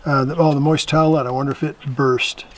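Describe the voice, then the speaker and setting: Chatty vlog host, man, a bit higher voice, chuckles a lot; noisy home recording. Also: fairly even intonation, quick pace. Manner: chatty, chuckles often, thinks aloud. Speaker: vlog host reviewing military rations. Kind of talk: casual show-and-tell commentary.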